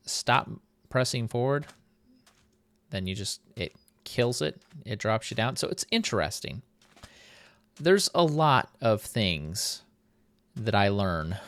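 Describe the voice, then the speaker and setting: A man's voice: lowish voice, a bit bright, dry recording. A man casually commenting on his game experiments, easygoing, thinking aloud with small chuckles. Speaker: YouTuber showing a game map.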